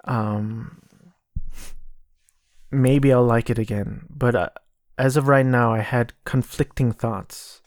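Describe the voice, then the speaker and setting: Slow-talking rambling man. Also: medium pitch, fairly even intonation, darkish tone, no room sound, studio quality. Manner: rambling, self-correcting, mocking impressions. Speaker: podcast host. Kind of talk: casual solo podcast talk.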